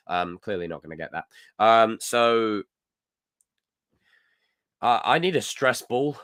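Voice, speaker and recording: A young Scottish man hosting a casual live chat, reading comments and ranting in a jokey, animated way. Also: lowish voice, takes it slowly, long pauses, no room sound, clean studio sound. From Scotland. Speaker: livestream host.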